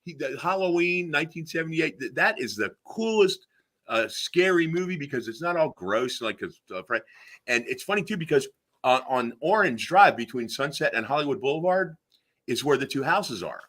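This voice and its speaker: A man's voice: fairly high pitch, animated, normal speed, fairly bright tone. A man hosting a talk radio show, telling rambling anecdotes full of fillers and restarts. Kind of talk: casual chat, anecdotes.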